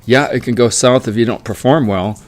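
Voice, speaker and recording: A middle-aged man talking through his opinions in a relaxed, unscripted monologue. His voice sits at an ordinary middle pitch, and he sounds firmly opinionated as he argues his point. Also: normal speed. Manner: opinionated, mocks players in whiny quoted voices. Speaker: sports commentary vlogger.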